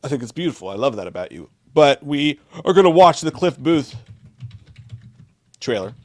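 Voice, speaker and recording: A man co-hosting a live movie chat stream, joking and swearing through excitable rants. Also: mid-range voice, moderate pace, a little hiss or hum. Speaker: co-host of a live movie show.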